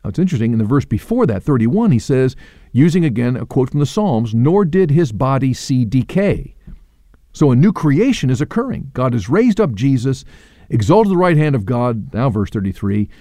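A man's voice: mid-range voice, big pitch swings, moderate pace, mellow, dry recording. A man hosting a radio Bible teaching program, talking in an earnest, reflective way and leaning on key words.

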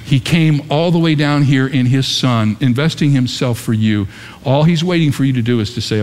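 Man, pastor, sermon, mid-pitched, passionate swells, echoing auditorium. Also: moderate pace, a little mellow, a little hiss or hum. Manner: impassioned, rising and falling emphasis.

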